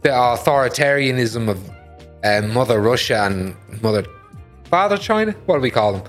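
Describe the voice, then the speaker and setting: A man's voice: medium pitch, lively intonation, normal speed, soft background music. A man hosting a casual podcast chat, joking and swearing often. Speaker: podcast host.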